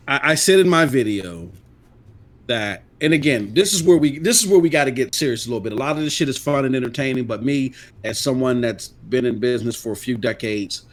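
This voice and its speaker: A middle-aged man co-hosting a casual gaming podcast, talking bluntly and emphatically and swearing freely. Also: mid-range voice. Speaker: podcast co-host.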